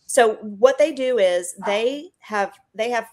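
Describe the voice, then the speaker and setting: A woman's voice: fairly high pitch, slow pace. A woman in her fifties, a guest on a live video call, speaking earnestly and persuasively with a preachy edge. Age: 50s. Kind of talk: casual interview chat.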